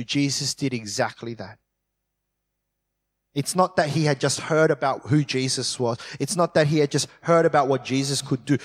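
A man preaches in a church hall, his voice sitting a little higher than most. He slows right down to press on key words. A long reverb rings behind him. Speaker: pastor. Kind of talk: sermon.

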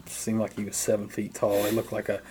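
Man telling animated band stories. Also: lowish voice, a little fast. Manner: animated anecdotes, mimics the people he quotes. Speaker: guest musician, drummer. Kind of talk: casual interview storytelling.

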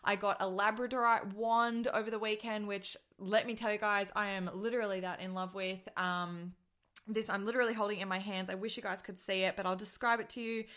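A woman's voice: mid-range voice, steady tone, a little fast, a bit bright. A young Australian woman hosting a podcast, chatting in a bubbly, gushing way with frequent giggles. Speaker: podcast host. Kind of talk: casual podcast chat.

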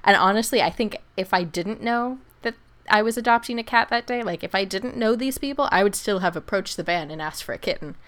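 A woman's voice: mid-range voice, fairly quick. A woman telling a long story in a casual chat and acting out what people said. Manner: animated storyteller, acts out quotes, laughs often. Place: lives in Germany.

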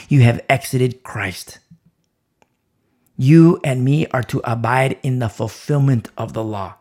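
A man preaching a sermon, emphatic and repetitive, asking rhetorical questions and swinging from loud emphasis down to a hushed voice. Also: medium pitch, slightly rough.

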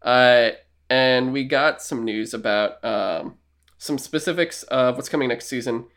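A man co-hosting a casual podcast, rambling and animated, acting out little quoted exchanges as he talks. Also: medium pitch, measured pace. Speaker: podcast co-host. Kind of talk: casual chat.

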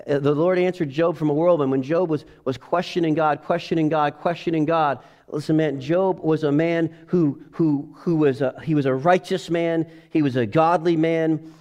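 A man preaching a sermon, moving between quiet reflective passages and loud, rising exclamations. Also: fairly high pitch. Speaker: pastor.

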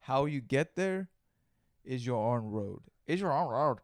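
A man talking casually on a podcast, loose and full of swearing, now and then breaking into a squeaky laugh. His pitch sits in the middle for a man. The sound is dry and close, with no room around it. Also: lively intonation, a little slow, no echo. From Mexican heritage. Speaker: podcast co-host. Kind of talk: casual chat.

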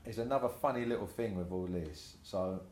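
Sitting in an echoey room of his tattoo shop, an older tattoo artist talks at a brisk clip in a fairly low voice. During the casual interview he swears freely and acts out quotes in his lively anecdotes.

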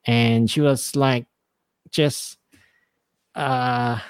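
A man in his forties spins loose, self-mocking anecdotes on a podcast, chuckling as he goes. His voice sits at an ordinary middle pitch. The recording is close and dry, with no room sound. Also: fairly even intonation, very slow, clean tone, no room sound. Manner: rambling, self-mocking, laughs often. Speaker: podcast host. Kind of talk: casual comedic storytelling.

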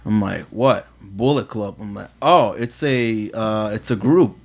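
Brief: male co-host, low and subdued, off-mic in a casual chat. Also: measured pace, husky. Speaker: podcast co-host.

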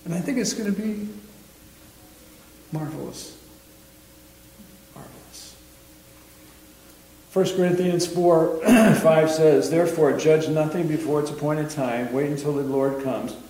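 Male Bible teacher, casual and chatty, middle pitch, recorded from a distance in an echoey room. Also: normal speed, few pauses, slight background noise. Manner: relaxed and chatty, often checks in with "okay?". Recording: roomy sound from some distance off the mic.

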